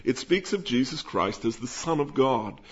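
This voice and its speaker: A man preaching, teaching verse by verse through a Bible passage at an unhurried pace. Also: medium pitch, animated. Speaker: pastor. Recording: dull lo-fi sound.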